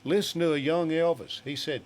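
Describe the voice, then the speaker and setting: An older man, a guest singer telling a story in an animated way and acting out other people's voices. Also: on the high side, normal speed. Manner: animated, acts out quoted voices. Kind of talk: storytelling in a studio chat.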